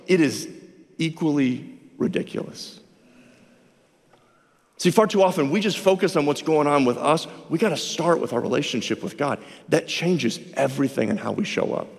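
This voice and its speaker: A man preaching a sermon as a pastor, animated, acting out both sides of a conversation. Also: fairly high pitch, big-room sound.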